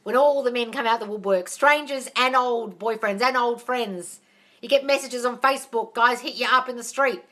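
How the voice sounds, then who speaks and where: A woman's voice: fairly high pitch, normal speed, fairly bright tone. A woman hosting a casual live question-and-answer session as a manifesting coach, blunt and profane, calling listeners darling. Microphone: phone.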